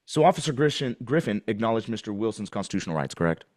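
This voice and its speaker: A man's voice: on the low side, very animated, quick pace. A man questioning an officer in a deposition, pointed and pressing, repeating his questions.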